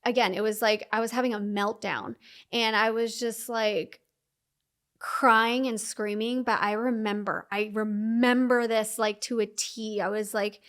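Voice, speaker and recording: A young woman telling her personal story as a podcast guest, talking fast with many fillers and acting out her past self's inner voice. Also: on the high side, steady tone, a bit bright, clear, resonant tone.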